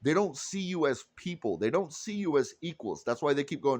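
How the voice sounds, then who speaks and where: A man's voice: on the high side, big pitch swings, brisk, darkish tone, no room sound. A man delivering a heated, profane political rant straight to his audience. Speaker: political commentator. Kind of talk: ranting monologue to camera.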